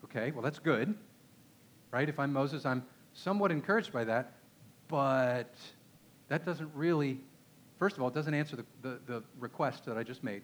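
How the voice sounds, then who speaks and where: A man's voice: fairly high pitch, lively intonation, normal speed. A man with a Texan accent preaching a conversational sermon, emphatic and often asking his listeners rhetorical questions. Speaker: pastor.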